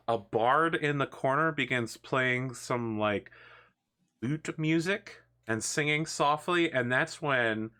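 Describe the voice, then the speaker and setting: A man's voice: medium pitch, takes it slowly, bright, forceful tone. A man narrating as game master of an online tabletop game, describing scenes and laughing often. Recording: online voice chat.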